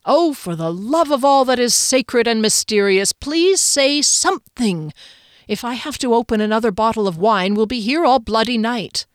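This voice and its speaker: A woman's voice: medium pitch, lively intonation, moderate pace, no echo, clean studio sound, close to an everyday voice. A woman voicing an earnest, secretive male noble leader in an audiobook reading, speaking with pleading sincerity.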